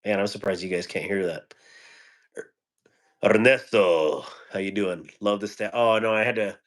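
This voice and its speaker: Chatty, joking man with a lowish voice. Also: fairly bright tone. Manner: chatty and joking, rambling asides. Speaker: live-stream host. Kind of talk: casual live-stream chat, greeting viewers. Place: home. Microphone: phone.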